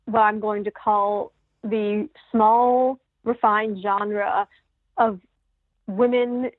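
A woman's voice: mid-range voice, steady tone, drawn-out words, dry recording. A woman co-hosting a podcast, chatting eagerly about a singer's vocal style and laughing often. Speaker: podcast co-host. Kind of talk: casual chat about music. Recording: tinny phone-like remote line.

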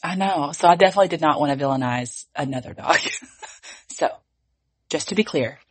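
A woman co-hosting a casual podcast, hoarse and raspy from losing her voice, chatty and laughing often. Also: low-pitched, fairly quick. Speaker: podcast co-host. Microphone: remote recording.

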